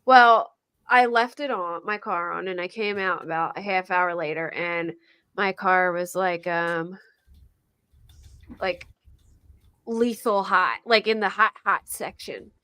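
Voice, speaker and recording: A chatty woman with a Philadelphia accent rambles through a story on a live online panel, laughing along the way and leaning on "like" as she goes. Her voice is bright and clear, and it sounds close and dry, with no room around it. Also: on the low side, takes it slowly, no echo. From Pennsylvania. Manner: chatty and rambling, laughs often, says "like" a lot.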